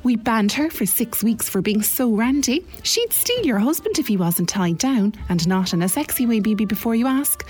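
A woman's voice: fairly high pitch, sing-song, normal speed, few pauses, darkish tone, husky. A woman doing a catty Cork gossip. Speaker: letter writer. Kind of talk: comic monologue.

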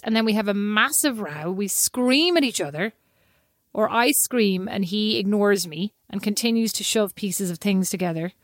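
An Irish woman in her thirties co-hosting a podcast, telling animated stories and laughing often. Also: mid-range voice, moderate pace, no echo, studio quality. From Ireland. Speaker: podcast co-host. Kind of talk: casual chat.

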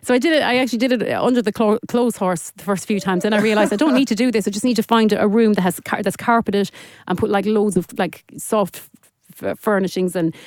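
Fast-talking Irish woman, dry studio sound. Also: mid-range voice, fairly even intonation, darkish tone, no echo. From Ireland. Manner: chatty, rambling with many fillers and restarts. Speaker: singer guest. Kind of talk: casual interview chat. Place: radio studio. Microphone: studio mic.

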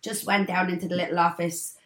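A woman's voice: lowish voice, brisk. Irish woman in her twenties, echoey. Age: 20s. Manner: animated storyteller, acts out others' lines. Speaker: guest. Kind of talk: casual chat. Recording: echoey room.

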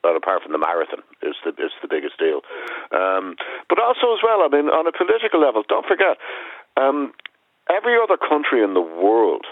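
A man's voice: medium pitch, wildly swooping pitch, a little fast, no room sound. A newspaper columnist on a radio discussion, making his points emphatically. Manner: emphatic, argumentative. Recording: tinny phone line.

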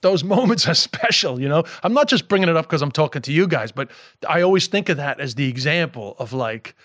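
A middle-aged man whose accent mixes New York and Irish tells stories on a podcast. His voice sits somewhat high, and it is recorded dry and close. He is animated and profane, often laughing mid-sentence. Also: brisk, no echo. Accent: mixed New York and Irish. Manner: animated storyteller, swears freely, laughs while talking. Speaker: comedian guest. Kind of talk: casual podcast chat.

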